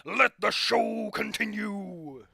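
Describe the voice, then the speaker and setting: A man voicing a young female raptor fire performer, announcing loudly like a showman. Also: sits high, slow pace, vocal fry, a crowd in the background, pitched above the performer's own voice, full character voice. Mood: triumphant.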